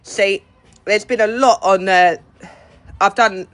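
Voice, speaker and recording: Here the same kind of outdoor phone livestream features a middle-aged woman who greets viewers by name and chats and gossips with them casually. She speaks slowly, at medium pitch, with a steady tone.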